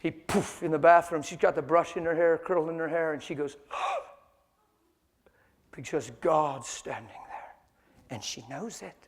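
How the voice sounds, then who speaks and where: Male preacher, high voice, animated storytelling sermon style. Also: measured pace, long reverb tail. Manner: animated storytelling, laughs often.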